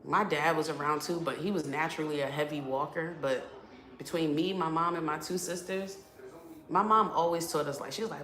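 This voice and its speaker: A young woman with a low voice chats on a live stream, animated and full of profane, playful complaints. Her voice rings in an echoey apartment room. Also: brisk. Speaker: streamer chatting with viewers. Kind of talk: casual live-stream chat.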